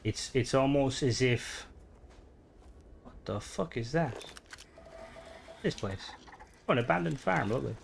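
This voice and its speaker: A man's voice: medium pitch, expressive, a little slow, gravelly, pauses often, slight background noise. A young Irish man streaming a game, chatting casually in a rambling way full of filler words. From Ireland. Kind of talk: casual gameplay commentary.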